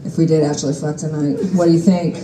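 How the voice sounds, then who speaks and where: A man's voice: fairly high pitch, flat delivery, fast talker, recorded from a distance, crowd noise, noisy background, close to an everyday voice. A woman voicing a sleazy young man who whispers a sly come-on, in an echoey room. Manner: hushed, sly.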